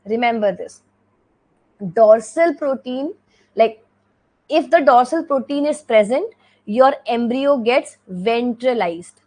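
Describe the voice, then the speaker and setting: A woman's voice: a little high, animated, takes it slowly, pauses often, darkish tone, low-quality recording. A woman with an Indian English accent teaching an exam revision lecture, explaining step by step and repeating key points with frequent checks like "okay".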